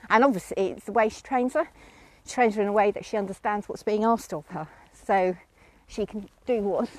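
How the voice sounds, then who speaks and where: A woman's voice: mid-range voice, a little mellow, dry recording. A middle-aged woman chatting casually outdoors with horses, breaking off to call commands to a horse she is lunging. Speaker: horse owner vlogger.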